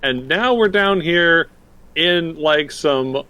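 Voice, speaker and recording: A fairly high male voice rambles loosely as a tabletop player, stacking fillers and tangents. He sounds casual and chatty. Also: animated, takes it slowly, bright, forceful tone. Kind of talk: in-character rambling recap.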